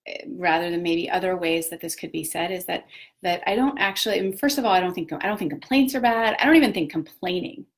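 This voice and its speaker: Talking fast in a lowish voice, an adult woman who is a parent of children hosts a live video talk about personal growth. Her casual, reflective chatter is full of fillers and self-corrections.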